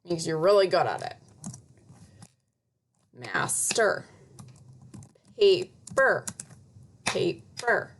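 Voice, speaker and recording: A woman teacher giving a recorded spelling lesson to young children, repeating each word slowly and patiently. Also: on the low side, lively intonation, gravelly, slight background noise. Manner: slow, patient, over-enunciated word drills.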